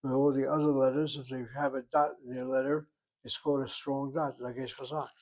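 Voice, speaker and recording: An older man teaching a Hebrew class, patiently explaining and slowly spelling out words. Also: mid-range voice, little pitch movement, darkish tone. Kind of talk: classroom lesson.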